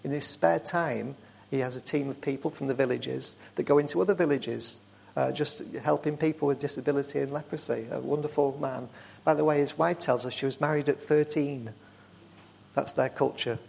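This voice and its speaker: A man speaking to a church group, telling warm, rambling stories with frequent restarts. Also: medium pitch, fairly even intonation, normal speed, creaky, husky. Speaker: charity speaker.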